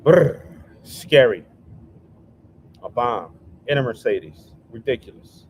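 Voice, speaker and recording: A man's voice: mid-range voice, lively intonation, slow pace, long pauses, a little hiss or hum, poor audio. A man reacting to videos on a live stream, casual and slangy with wry asides.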